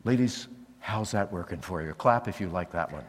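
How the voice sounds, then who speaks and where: Male preacher, lively storyteller, long reverb of a large hall. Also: low-pitched, moderate pace. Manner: animated storytelling, acting out voices. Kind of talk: sermon.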